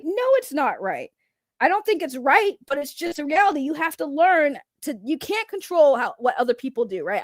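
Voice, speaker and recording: A woman's voice: high voice, dry recording, clean studio sound. A woman streamer talking on a casual reaction livestream, reading chat and rambling through loose trash talk that breaks into laughter.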